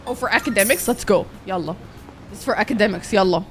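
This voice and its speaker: Swearing and exasperated, a young woman livestreams her gameplay in a mid-range voice, speaking quickly. Her let's-play commentary comes in dramatic rants while the game's music plays faintly behind her.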